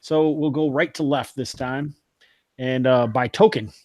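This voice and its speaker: A man's voice: mid-range voice, fairly even intonation, unhurried, darkish tone, no room sound. A man hosting and running a tabletop role-playing game as game master, upbeat and laughing often.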